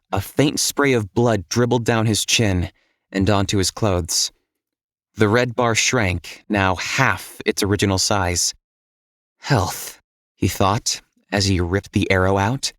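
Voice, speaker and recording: A man narrating an audiobook in a steady, measured storytelling voice. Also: lowish voice, no echo, clean studio sound.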